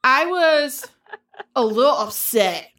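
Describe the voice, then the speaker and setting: A woman with an American accent talks through TV shows in a loose, unscripted chat. She is blunt and swears freely, telling stories with lots of energy. Her voice sits a little high. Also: takes it slowly. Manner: blunt, profane, animated storytelling. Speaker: podcast co-host. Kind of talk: casual chat about TV shows.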